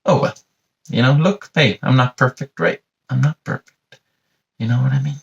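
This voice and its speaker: Speaking at a moderate pace in a mid-range, gravelly voice, this young man from Ireland runs his own comedy podcast out of his bedroom. The sound is lo-fi, and his sardonic, wandering talk is sprinkled with endless "you know" asides.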